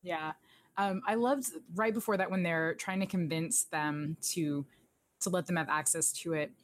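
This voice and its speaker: A woman's voice: fairly low pitch, normal speed, a little hiss or hum. A woman chatting as a podcast co-host, gushing about favorite movie scenes and quoting the characters' lines. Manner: enthusiastic, quotes characters, laughs often. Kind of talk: casual movie recap chat.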